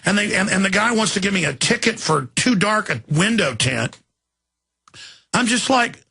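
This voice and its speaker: A man delivering an angry political rant as a talk show host, repeating himself and breaking into shouts. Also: high-pitched, lively intonation, normal speed. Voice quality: gravelly, raspy.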